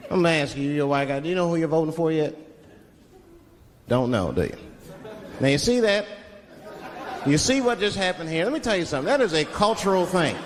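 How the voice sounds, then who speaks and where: A man's voice: a little high, a little hiss or hum. Brash man doing stand-up. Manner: brash, profane storytelling with acted-out voices. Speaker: stand-up comedian. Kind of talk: stand-up comedy routine. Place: comedy stage before a live audience. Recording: live show with loud crowd laughter.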